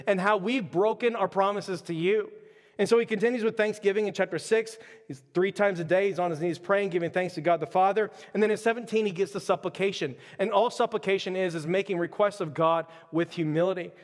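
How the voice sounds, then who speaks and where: A man preaching a sermon as a pastor, earnest and conversational, often saying "like.". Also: high-pitched. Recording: long hall reverb.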